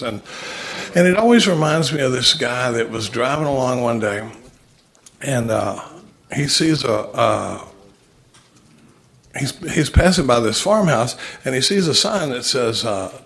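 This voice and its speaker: A man's voice: mid-range voice, normal speed, a bit bright. A man giving a folksy, conversational talk to a recovery meeting, often repeating words and restarting sentences.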